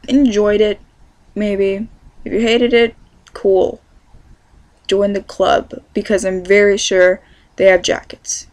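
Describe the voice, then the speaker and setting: A teenage vlogger from California speaks casually to the camera from her bedroom, rambling and correcting herself often. Her voice is medium-pitched with a darkish tone and a Californian accent, and the recording is dry.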